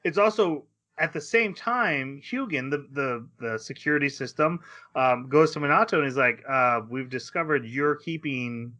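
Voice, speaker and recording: A man's voice: medium pitch, moderate pace, bright, forceful tone. A man co-hosting a podcast, casually retelling an anime episode in a rambling way, acting out lines and laughing. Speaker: podcast co-host. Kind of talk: casual anime recap chat.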